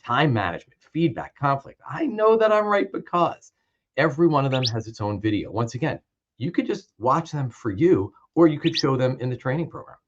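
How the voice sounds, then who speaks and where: A man's voice: medium pitch, big pitch swings, a little fast. A man casually walking through his training video series in a conversational way. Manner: conversational, informal. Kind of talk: casual product walkthrough. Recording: dull lo-fi with clear background noise.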